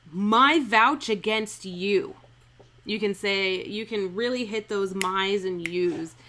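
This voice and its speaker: Slow-talking woman coaching verse. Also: medium pitch, fairly bright tone. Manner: chatty, irreverent, reads lines slowly to test the meter. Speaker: acting coach streaming a script analysis. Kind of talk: casual live-stream verse lesson.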